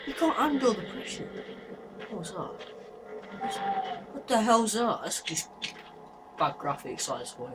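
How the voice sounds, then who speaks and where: Young guy playing a horror game, kinda high voice, noisy recording, jumpy and screamy. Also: sing-song, unhurried, pauses often. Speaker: gaming YouTuber.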